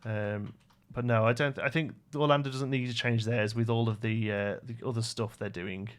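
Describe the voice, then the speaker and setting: A man's voice: mid-range voice, steady tone, normal speed, clear, resonant tone. A young British man livestreaming a building game, rambling to himself and answering chat questions in a casual way. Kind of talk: casual live-stream chat while building.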